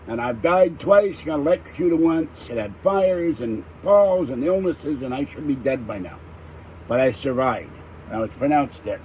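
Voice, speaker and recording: A man's voice: medium pitch, lively intonation, moderate pace, darkish tone, slight background noise, rough recording. An older man hosting a livestream, ranting irritably in a rambling casual chat. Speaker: livestream host.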